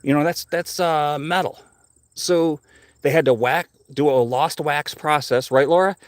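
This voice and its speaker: This middle-aged man's voice sits on the high side and moves at a measured pace as he wanders a cemetery, chatting with live-stream viewers in a loose, curious, rambling way. He's slightly breathless, speaking into a phone outdoors, and the audio is close and dry without any room echo.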